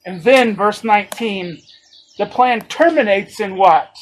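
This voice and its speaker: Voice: medium pitch, a little slow, slight background noise, poor audio. A preacher delivering a sermon, emphatic and fond of rhetorical questions.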